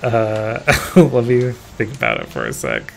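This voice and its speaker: A man streaming a game live, chatting casually in a relaxed, self-deprecating way and mumbling to himself. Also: lowish voice, measured pace, gravelly, soft background music.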